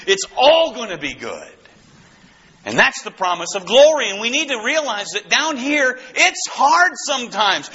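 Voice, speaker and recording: Fervent high-voiced preacher, sharp tone. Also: male voice, breathy edge, highs cut off. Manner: fervent, excitable, bursts into shouts. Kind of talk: sermon.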